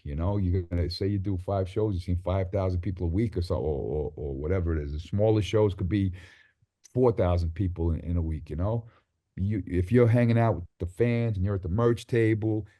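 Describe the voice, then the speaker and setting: A middle-aged man with a deep voice tells stories in a loose, rambling interview style. His tone is dark and mellow. He jumps into loud put-on quotes and swears freely. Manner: animated, acts out quotes with sudden loud outbursts; rambling, many restarts and fillers, swears freely. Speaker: rapper, interview guest. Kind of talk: casual interview storytelling.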